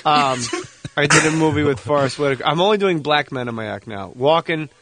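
A man's voice: a little high, background noise. A man, a comedian guest, joking and riffing through radio show banter. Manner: joking, rapid riffs.

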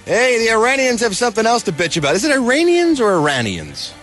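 A man's voice: extremely high pitch, animated, rapid-fire, a bit bright. A man reading entertainment news on a radio morning show, with wry, sarcastic asides. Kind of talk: casual radio news banter. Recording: radio broadcast with faint music bed.

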